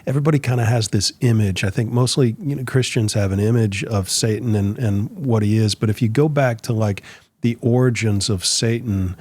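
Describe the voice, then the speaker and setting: An easygoing man hosts a podcast and works his way toward questions with small restarts. His voice is somewhat low. The sound is dry and close. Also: a little fast, a little mellow, no room sound. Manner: easygoing, hesitant, repeats words while forming questions. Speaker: podcast host. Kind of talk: casual interview chat.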